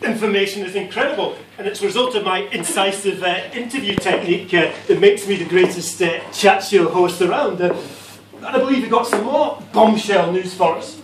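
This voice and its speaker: Self-important spoof talk-show host, played by a man; high voice, halting delivery, distant echoey pub recording with crowd noise. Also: close to an everyday voice. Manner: hesitant, full of uhs, self-important. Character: pompous self-praising male chat show host. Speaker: interviewer. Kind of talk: live comedy sketch. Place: pub function room.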